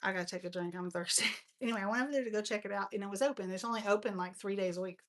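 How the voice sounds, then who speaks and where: A Texan woman hosts a live crafting stream, talking rapid-fire in a medium-pitched, slightly bright voice. She chats casually and rambles through stories while showing off her supplies, saying "y'all" along the way.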